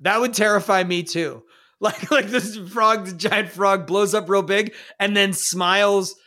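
A man narrating as game master of a tabletop game, playful and quick to laugh. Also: high-pitched, fairly even intonation, bright, forceful tone.

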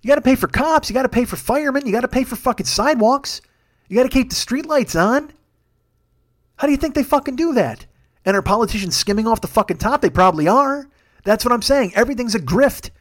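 A man's voice: extremely high pitch, expressive, fast. A man hosting a comedy podcast alone, ranting heatedly and swearing constantly, then rambling through thanks to his crew. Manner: rambling, self-deprecating. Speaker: podcast host. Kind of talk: solo comedy podcast rant.

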